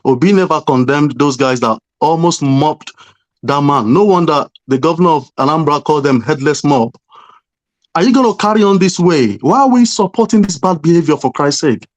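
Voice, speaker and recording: A man's voice: on the high side, lively intonation, moderate pace. A man in a heated political debate, insistent and exasperated, pressing with questions. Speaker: panel debater.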